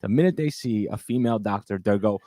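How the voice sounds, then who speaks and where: A man's voice: on the low side, fast talker, warm tone, no echo. A man co-hosting a comedy podcast, laid-back and wry in casual banter. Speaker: podcast co-host.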